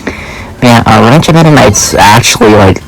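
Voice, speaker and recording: Creaky-voiced young male gamer. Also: mid-range voice, lively intonation, moderate pace, faint music behind, low-quality recording. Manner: rambling, full of uh and like, self-deprecating. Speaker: let's play host. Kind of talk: casual gameplay commentary.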